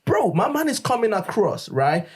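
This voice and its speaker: A man's voice: high voice, very animated, normal speed, husky. A young man, talking emphatically in casual chat and checking that his listener follows.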